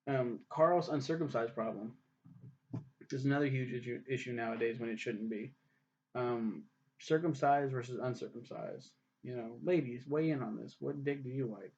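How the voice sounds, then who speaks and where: A man's voice: medium pitch, normal speed, a little mellow, slight background noise. A young man casually reviewing a TV show, rambling and ranting with lots of swearing. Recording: dull lo-fi recording.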